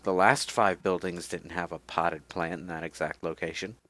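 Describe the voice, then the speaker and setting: A man's voice: sits low, fairly even intonation, moderate pace, bright, forceful tone, no room sound. A man giving casual gaming commentary over a playthrough, rambling with many fillers and restarts. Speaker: let's play commentator.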